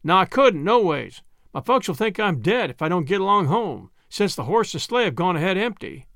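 A man voicing a hearty young country giant who teases in folksy rural dialect, speaking loudly. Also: high voice, sing-song, normal speed, creaky, dry recording, studio quality, exaggerated voice. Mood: teasing.

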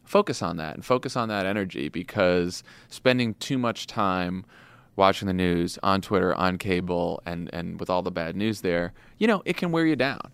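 Low, smooth-voiced man hosting a chat. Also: moderate pace, no room sound. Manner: earnest, encouraging, conversational. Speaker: podcast host. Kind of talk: casual political chat.

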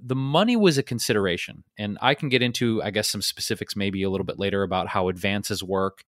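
A man co-hosting a podcast, telling a long story in a relaxed, rambling way with fillers. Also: fairly low pitch, quick pace, no echo, studio quality. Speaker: podcast co-host. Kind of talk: casual storytelling.

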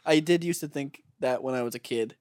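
A man's voice: mid-range voice, fairly quick, a little mellow, dry recording, clean studio sound. A young man co-hosting a podcast, joking playfully, laughing, and sometimes fumbling for words. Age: young adult. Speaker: podcast co-host. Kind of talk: casual chat.

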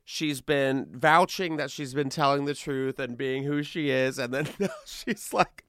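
A man's voice: mid-range voice, unhurried, hardly any pauses, a bit bright, smooth, no echo, clean studio sound. A man hosting a comedy news podcast, chatting casually and sarcastically, often breaking into laughter. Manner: sarcastic, laughing, mocking voices. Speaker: podcast host.

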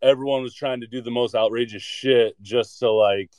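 A man's voice: mid-range voice, steady tone, normal speed, darkish tone, no room sound. A man chatting casually and bluntly, rambling with lots of filler words and jokes. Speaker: podcast segment contributor. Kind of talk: casual chat.

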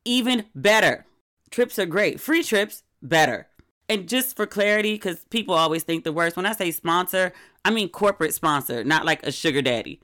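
A middle-aged woman hosting a podcast, chatting casually in a candid, wry, animated way. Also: fairly low pitch, normal speed. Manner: candid, wry and animated, with sudden quoted outbursts. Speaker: podcast host. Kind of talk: casual solo podcast chat.

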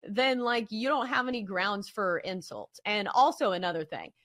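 A woman's voice: mid-range voice, animated, normal speed, fairly bright tone. A woman hosting a sports betting show, arguing her point with emphasis. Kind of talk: opinion commentary.

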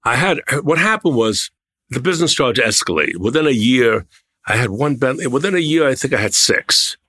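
An older man, a guest on a talk show, telling long, animated anecdotes about his own past. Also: mid-range voice, a little fast, no room sound, clean studio sound. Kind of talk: anecdotal storytelling.

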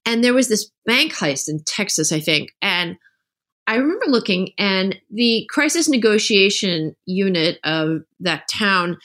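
A middle-aged woman appears as an author guest on an interview podcast, speaking casually in a medium-pitched, unhurried voice. She's an animated storyteller who acts out the voices of the people she quotes.

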